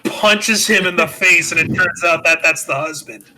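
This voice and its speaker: A man's voice: a little high, normal speed, pushed and bright, a little hiss or hum, low-quality recording. A man hosting a podcast, casually retelling a film with loose, swearing comedic chat. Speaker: podcast host.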